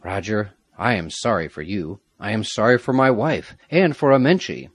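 A man reading the part of a proud young Aztec prince who is mortally wounded, solemn and grave, with a husky voice. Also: on the low side, lively intonation, normal speed, dry recording.

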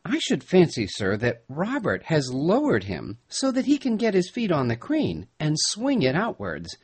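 A man's voice: on the high side, huge pitch swings, measured pace, darkish tone, breathy edge, voice pushed up, full character voice. A man voicing an earnest young man in a storybook reading, eager and polite. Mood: urgent. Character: earnest, alert young man keeping watch.

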